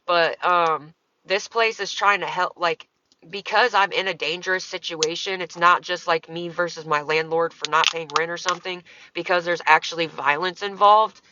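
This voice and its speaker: A woman's voice: on the low side, bright, forceful tone, dull audio, slight background noise. A woman talking casually on her livestream, answering comments in a profane, exasperated, rambling way.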